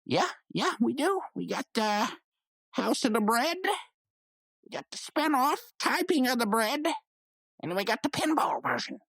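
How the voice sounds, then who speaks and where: A woman's voice: on the high side, animated, unhurried, vocal fry, fairly bright tone, dry recording. A woman co-hosting a comedy podcast, talking down to the others in a sarcastic improvised bit. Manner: condescending, sarcastic. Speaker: podcast co-host.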